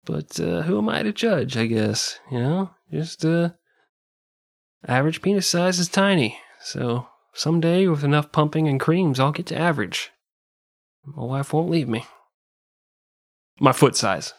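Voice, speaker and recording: A man's voice: fairly high pitch, lively intonation, a little slow, gravelly, long pauses, dry recording, studio quality. A man hosting a comedic history podcast, narrating with wry, profane asides. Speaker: podcast host.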